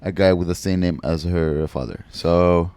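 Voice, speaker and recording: Young male comic, low voice, brash and crude, telling stories on a podcast chat. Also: normal speed, clear, resonant tone, no room sound. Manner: animated anecdote telling, brash and profane. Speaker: podcast host and stand-up comedian. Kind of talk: casual storytelling chat.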